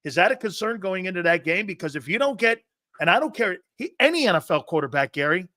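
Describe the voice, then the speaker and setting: Bright-voiced sports show host. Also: male voice, sits high, sing-song, quick pace, dry recording, studio quality. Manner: asks pointed questions, cites stats.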